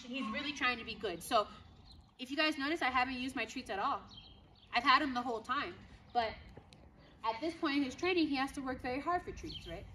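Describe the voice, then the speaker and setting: A woman dog trainer explaining obedience to viewers while working with her dog, firm and brisk, with frequent tag questions. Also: high-pitched, a bit bright, a little hiss or hum. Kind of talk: outdoor training demonstration.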